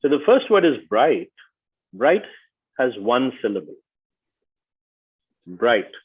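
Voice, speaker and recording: Man, workshop facilitator, online lesson, unhurried careful delivery, tinny video-call sound. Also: medium pitch, very animated, breathy edge. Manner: slow, deliberate, stresses each syllable. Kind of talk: online teaching session.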